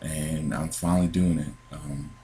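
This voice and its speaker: A man's voice: rumbling low, fairly even intonation, measured pace, warm tone, slight background noise, rough recording. A man telling his dreams in a casual, earnest testimony, meandering with many fillers and restarts. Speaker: Christian podcaster sharing dreams. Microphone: computer with headphones.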